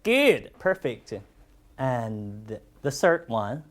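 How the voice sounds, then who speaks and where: Slow and encouraging, a Chinese teacher, herself a native speaker, runs a classroom lesson in English. Her medium-pitched voice returns again and again to praise and repetition.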